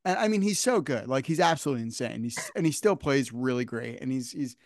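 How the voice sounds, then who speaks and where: A man from New Jersey hosts a relaxed podcast conversation. His voice sits at an ordinary pitch and sounds dry and close. He rambles and tells stories with plenty of fillers. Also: fast, no room sound. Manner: chatty, animated storyteller with fillers. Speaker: podcast host. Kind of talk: casual chat.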